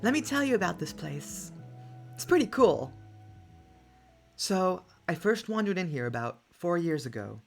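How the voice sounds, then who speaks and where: A woman voicing a brisk, reassuring female barista, reading game lines with a hint of Australian flavor over soft music. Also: on the low side, sing-song, creaky, heavily acted. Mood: calm. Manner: brisk, soothing, slips into Australian. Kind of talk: game dialogue read aloud. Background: soft lofi music.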